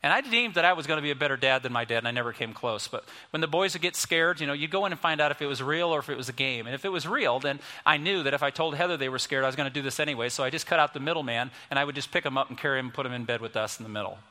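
A man in his fifties preaching a sermon, storytelling and moving between soft, quiet passages and emphatic ones. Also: medium pitch, very fast, few pauses. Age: 50s. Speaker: pastor. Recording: music under voice, long reverb.

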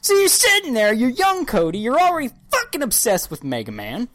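A woman co-hosting a podcast, telling stories with excitable, profane energy and acting out scenes in little voices. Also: on the high side, fairly quick, dry recording. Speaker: podcast co-host. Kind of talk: casual chat, animated storytelling.

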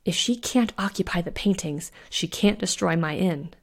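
A woman's voice: lowish voice, moderate pace, vocal fry. A woman voicing a panicked male innkeeper who wails and shrieks. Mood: grim. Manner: wailing, shrieking. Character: panicked man, an inn owner.

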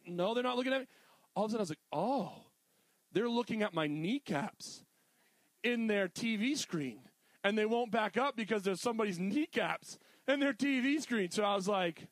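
A high-pitched man, preaching a chatty, animated sermon. He wanders into jokey asides and swings from loud and punchy to soft. The sound is dry and close, with no room around it. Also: brisk, no room sound. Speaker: pastor.

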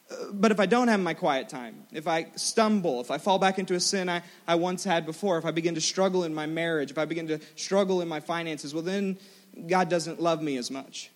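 A young man preaching a sermon, telling a self-mocking story in an animated way. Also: a little high, a little fast. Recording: large hall with long reverb.

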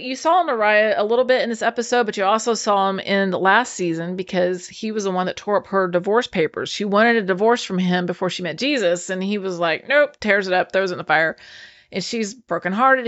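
A woman's voice: medium pitch, a little fast, fairly bright tone, no echo, lo-fi sound. A woman casually recapping a show episode, chatty and enthusiastic, acting out the characters' lines as she retells them.

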